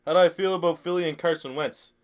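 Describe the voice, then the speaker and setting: A young Canadian man who is sick, streaming a football video game live, clearing his throat, swearing and rambling through chat questions. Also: fairly high pitch, fairly even intonation, quick pace. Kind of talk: live-stream gaming commentary.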